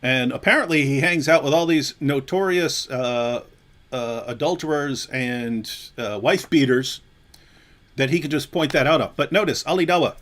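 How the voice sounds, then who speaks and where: A man hosting a livestream, calmly reasoning through points in a conversational way. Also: medium pitch, moderate pace. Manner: reasoned, conversational, explains with examples. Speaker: livestream host. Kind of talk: casual commentary.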